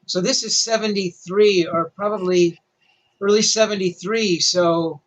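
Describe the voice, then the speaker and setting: A man's voice: sits high, steady tone, unhurried, poor audio. An older male rock journalist telling a story animatedly, with self-deprecating humor. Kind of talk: storytelling interview.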